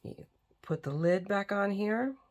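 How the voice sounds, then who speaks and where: A woman's voice: medium pitch, unhurried. A middle-aged woman hosting a crafting video, chatting casually while she works and sounding tired. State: tired and yawning. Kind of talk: casual crafting tutorial chat.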